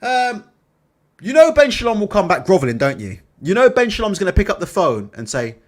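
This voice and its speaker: A man hosting a casual boxing livestream, animated and bantering, swearing freely. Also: high voice, fairly quick. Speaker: boxing channel host.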